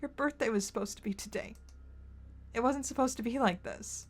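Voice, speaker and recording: A woman reading a gentle dying huntsman. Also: fairly high pitch, normal speed, pitched above the performer's own voice. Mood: tender. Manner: soft, tender, calm. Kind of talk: reading visual novel dialogue aloud.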